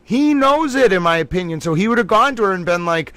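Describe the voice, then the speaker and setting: A man's voice: high voice, expressive, fast talker, few pauses, pushed and bright, no echo. A man hosting a livestream, thinking aloud, exclaiming and laughing as he reacts live to news. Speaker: livestream host. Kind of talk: excited live reaction commentary.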